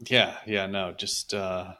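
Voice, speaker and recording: A man with a low voice and a bright, forceful tone drops unhurried short comments into a podcast chat. He speaks slowly and mostly reacts to the guest. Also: little pitch movement.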